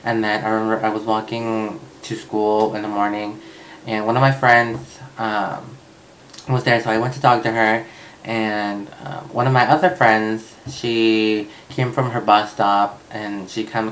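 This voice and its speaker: A man's voice: fairly low pitch, little pitch movement, moderate pace, a bit bright, a little hiss or hum, rough recording. Young man telling a story, swearing freely. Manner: chatty, swears freely, many fillers. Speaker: vlogger. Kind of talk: casual storytelling.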